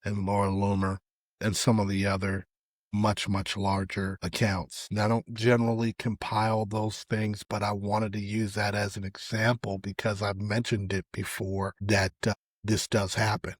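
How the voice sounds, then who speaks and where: Low-voiced middle-aged guy doing his solo podcast, opinionated casual rant, dry close sound, trails off at the ends. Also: little pitch movement, moderate pace, no room sound. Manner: conversational, opinionated, trails off quietly at phrase ends. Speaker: podcast host. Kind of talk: casual solo commentary on social media posts.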